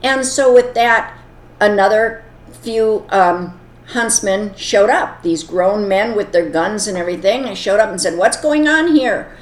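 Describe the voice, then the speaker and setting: A woman's voice: medium pitch, a little slow. An earnest woman telling a moral story and then explaining its lesson, with plain wording. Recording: echoey room.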